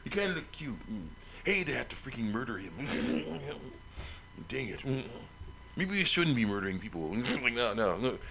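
A man's voice: medium pitch, very animated, measured pace, a crowd in the background. A man giving chatty, rambling commentary while playing a video game, laughing often. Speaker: let's play host.

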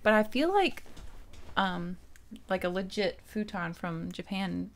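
A woman's voice: medium pitch, expressive, a little slow. A woman streamer chatting and giggling while playing a story game. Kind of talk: let's-play commentary. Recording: game music behind voice. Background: game music.

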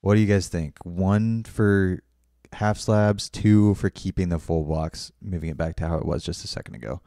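Building in a game on stream, a young man chats loosely with his audience, reads chat out loud, and apologizes a lot. His mellow voice sits low and moves at a moderate pace, and the recording is dry and studio quality.

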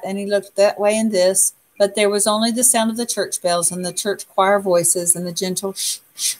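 A woman reading a picture book aloud in a soft, unhurried way, pausing to comment on the pictures. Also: medium pitch, slight background noise. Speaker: storyteller.

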